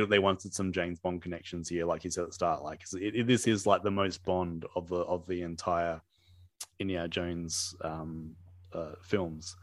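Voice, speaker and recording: A man's voice: sits low, a bit bright, dry recording, studio quality. A man co-hosting a casual movie commentary chat, rambling with lots of fillers, restarts and laughter. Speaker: podcast co-host.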